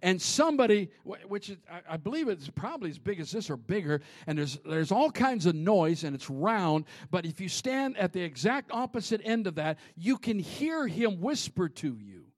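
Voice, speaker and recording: Man, high voice, sermon in a church, hushed whispers to loud shouts. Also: moderate pace, few pauses. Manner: animated preaching, swings from hushed whispers to shouts. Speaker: pastor. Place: church sanctuary.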